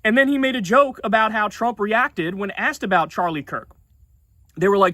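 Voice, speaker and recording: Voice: mid-range voice, sharp tone, no room sound. A streamer ranting casually about politics on a livestream, swearing often and sounding indignant. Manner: profane, indignant, fast-talking.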